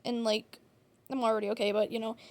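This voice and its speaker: A young woman talking earnestly in a personal vlog, heated in places and softening toward the end. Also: fairly high pitch, level tone, fast, no room sound. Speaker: vlogger.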